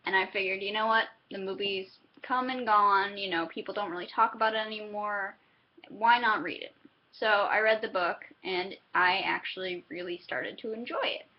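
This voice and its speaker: A woman's voice: mid-range voice, steady tone, moderate pace, highs cut off. A young woman giving a casual book review, chatty and self-interrupting, often laughing between thoughts.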